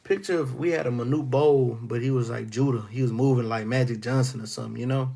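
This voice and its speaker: A man's voice: mid-range voice, fairly even intonation, fast talker, gravelly, warm tone. A man teaching a Bible class. He reads verses aloud, then retells them in casual street slang.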